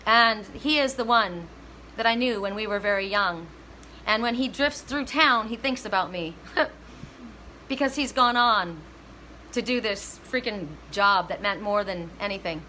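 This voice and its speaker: A woman's voice: mid-range voice, measured pace, pushed and bright, a little hiss or hum, low-quality recording. A woman giving a live oracle card reading, chatty and emotional, breaking into bits of songs.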